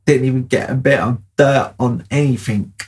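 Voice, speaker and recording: A man's voice: medium pitch, normal speed, darkish tone. A man telling a childhood story casually, rambling with lots of fillers.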